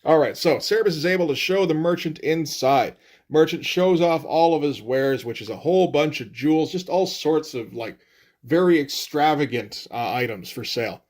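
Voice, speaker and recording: A man's voice: fairly high pitch, expressive, moderate pace, a little mellow. A man reviewing comic books in casual, profane commentary, with frequent "uh"s and "like"s. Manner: casual and profane, often says "uh" and "like".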